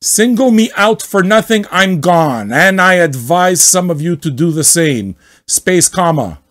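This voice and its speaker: A man reading aloud an angry online rant in the indignant, shouty voice of a furious adult man. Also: a little high, big pitch swings, full character voice. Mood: enraged. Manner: shouty, indignant, drawn-out delivery.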